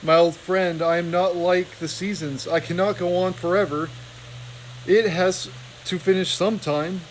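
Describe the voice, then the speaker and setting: A man reading aloud, voicing an old male abbot mouse who is dying, gentle and fatherly. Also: sits high, steady tone, a little slow, slight background noise, low-quality recording. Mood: tender.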